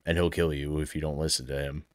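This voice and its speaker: A man's voice: a bass voice, level tone, fast talker, slight background noise. A man hosting a reaction video, chatting casually and enthusiastically, laughing often as he rambles.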